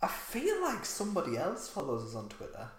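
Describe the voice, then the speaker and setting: A woman's voice: fairly low pitch, huge pitch swings, brisk, crowd noise. A woman, bantering and teasing as a podcast co-host. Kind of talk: casual chat. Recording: echoey room with faint noise.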